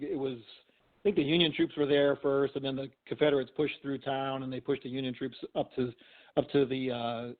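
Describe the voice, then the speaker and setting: Middle-aged man telling stories over a tinny phone line. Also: medium pitch. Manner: rambling, heavy use of "you know" and restarts. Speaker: guest, physician and paranormal investigator. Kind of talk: casual storytelling in a phone interview.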